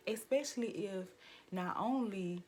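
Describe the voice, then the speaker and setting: A young woman vlogger telling a profane, animated story-time rant with lots of "like" fillers, jumping into high, loud quoted lines. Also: unhurried. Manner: acts out quotes in sudden high, loud bursts.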